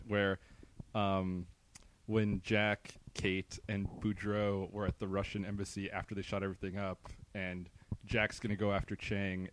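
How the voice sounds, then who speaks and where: A man co-hosting a casual podcast chat, retelling scenes in an animated way and laughing mid-sentence. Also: on the low side. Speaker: podcast co-host.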